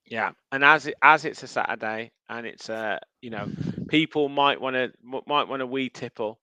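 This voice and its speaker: A man's voice: medium pitch, moderate pace, pushed and bright, clear, resonant tone, no echo. A man hosting a casual football podcast, chatty and steering the talk. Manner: chatty, runs the show and signs off. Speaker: podcast host.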